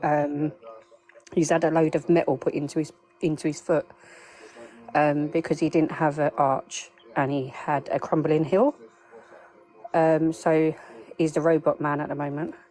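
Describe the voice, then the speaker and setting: A woman's voice: low-pitched, flat delivery, measured pace, a little mellow. A woman, a guest on a live stream, chatting emotionally and rambling over her phone. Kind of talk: casual live-stream chat.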